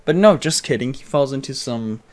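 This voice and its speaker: A young man co-hosting a podcast, casually retelling a movie in a rambling, jokey way with quick mock voices. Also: medium pitch, animated, darkish tone. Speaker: podcast co-host. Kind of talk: casual movie recap chat.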